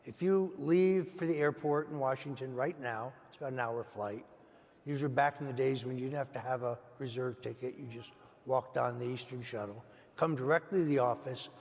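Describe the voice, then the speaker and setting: Older male guest, gravelly, measured storyteller with many fillers, recorded in a reverberant hall. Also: mid-range voice, a little mellow. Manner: measured anecdote with frequent "uh" fillers. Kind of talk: storytelling in an interview.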